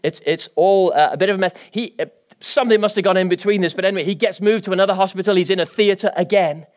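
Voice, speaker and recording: High-pitched, animated preacher. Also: male voice, quick pace. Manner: animated, rising to emphatic declarations. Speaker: pastor. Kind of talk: sermon.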